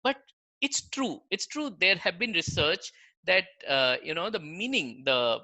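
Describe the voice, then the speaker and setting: A man's voice: high-pitched, very animated, a little slow, sharp tone, low-quality recording. Guy giving a chatty lecture, voice jumps around a lot, keeps saying right? and you know. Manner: conversational, explains with examples, keeps checking in with "right?" and "you know". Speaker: guest lecturer, language researcher. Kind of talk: online public lecture.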